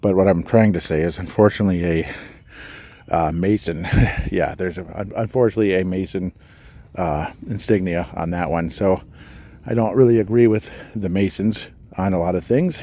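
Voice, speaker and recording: A man hosting a podcast, walking outdoors through a cemetery and musing aloud with pauses, slightly out of breath. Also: low voice, dark tone. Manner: musing, halting, reads out names and dates. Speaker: podcast host. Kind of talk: walking tour commentary.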